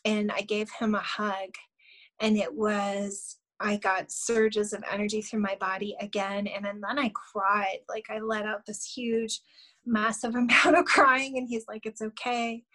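A woman's voice: mid-range voice, little pitch movement, unhurried, bright, forceful tone, low-quality recording. A middle-aged woman, a guest on a podcast, earnestly telling a personal story with many fillers and small laughs. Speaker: guest, shamanic healer.

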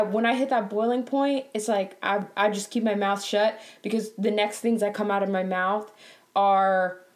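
In a chatty storytime vlog, a young woman who works as a bank teller recounts a frustrating day on the job. Animated and exasperated, she laughs a lot, and her pitch jumps up whenever she gets worked up.

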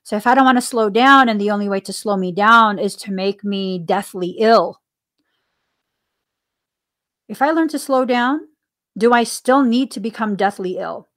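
A woman's voice: medium pitch, moderate pace, pauses often, fairly bright tone. A woman hosting a spiritual podcast, musing earnestly about her own life, asking herself questions and laughing often. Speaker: podcast host. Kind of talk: reflective spiritual talk.

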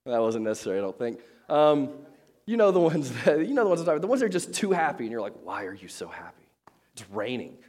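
A man's voice: fairly high pitch, big pitch swings, racing, a little mellow. A male pastor preaching a casual, chatty sermon to his congregation, joking at his own expense and restarting sentences often with many fillers.

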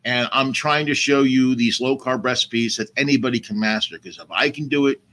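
A man's voice: medium pitch, a little fast, a bit bright. A man in his sixties, a cooking show host who chats easily and explains things patiently as a guest. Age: 60s. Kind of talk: casual chat.

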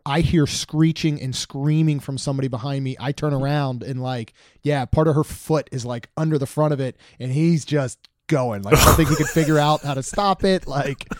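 A man co-hosting a podcast, chatting in a relaxed, wry, joking way. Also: a little high, moderate pace, hardly any pauses, dry recording. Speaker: podcast co-host. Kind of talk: casual chat.

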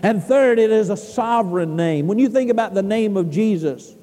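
A man preaching a sermon in a church, fervent, swinging from loud cries to hushed tones. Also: high voice, lively intonation, moderate pace. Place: church sanctuary. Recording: long hall reverb.

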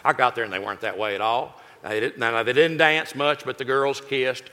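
A man's voice: medium pitch, fairly quick, noisy background. A man, telling a folksy, joking personal story in a sermon. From Texas. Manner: folksy, joking, lively delivery. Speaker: pastor. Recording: echoey hall reverb.

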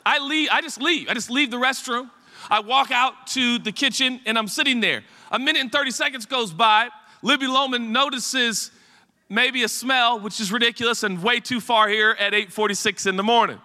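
A middle-aged pastor with a very high voice tells a rambling, funny story during a sermon, speaking at a moderate pace. He's animated and chatty, making rambling asides to the congregation, and long hall reverb fills the church sanctuary.

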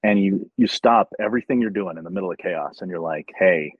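A man's voice: low voice, quick pace, husky, no room sound, narrow, tinny audio. A man who manages talent at conventions, in casual podcast chat, earnestly telling stories and acting out the conversations in them.

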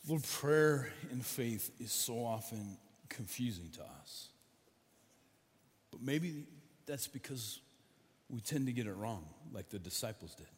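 A man's voice: medium pitch, animated, unhurried. A man preaching as a pastor, leading his church in prayer with earnest, building repetition. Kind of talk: sermon and prayer. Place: large church with balcony. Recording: long church reverb with music.

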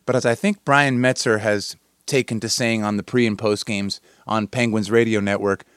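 A man's voice: medium pitch, dry recording, studio quality. A tired man hosting a casual sports podcast, rambling and joking at his own expense. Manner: jokey, meandering, self-deprecating. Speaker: podcast host.

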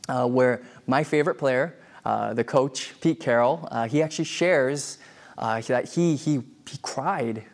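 A pastor preaches a sermon in a conversational way, full of fillers and restarts. His voice is medium-pitched and a little mellow.

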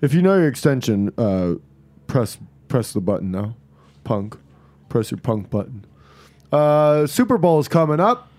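A man co-hosting a podcast, joking casually with deadpan, mock-serious bits. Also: mid-range voice, unhurried, dry recording. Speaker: podcast co-host. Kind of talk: casual comedic banter.

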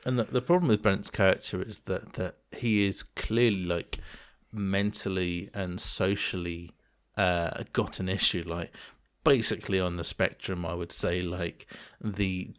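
A man's voice: deep voice, fairly even intonation, a little slow, fairly bright tone, smooth. A man in casual chat as a co-host, talking earnestly in long, searching sentences. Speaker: podcast co-host.

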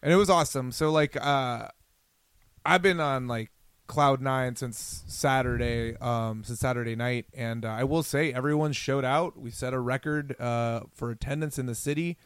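A man's voice: medium pitch, moderate pace, a bit bright, clear, resonant tone, no echo. A man co-hosting a podcast, chatting casually and enthusiastically, often laughing as he talks. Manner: enthusiastic, laughs while talking. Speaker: podcast co-host.

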